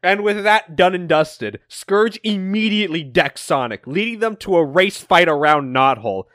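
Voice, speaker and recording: A man co-hosting a podcast, recapping comic issues in an animated, casual way with plenty of swearing. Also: high-pitched, moderate pace, dry recording, clean studio sound. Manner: animated storytelling with frequent swearing. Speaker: podcast co-host.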